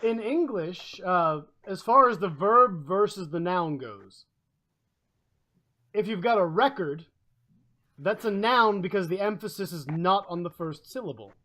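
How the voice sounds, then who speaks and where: A man's voice: high-pitched, animated, unhurried, pushed and bright. A man hosting a casual group chat, confidently laying out language rules. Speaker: podcast host.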